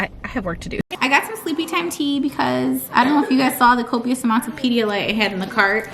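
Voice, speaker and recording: A young woman with a slightly high voice chats casually to the camera in her home kitchen. She rambles and restarts her sentences, talking the viewers through her day. A faint hiss sits under her voice. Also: fairly bright tone. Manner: chatty and rambling, with frequent restarts. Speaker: vlogger.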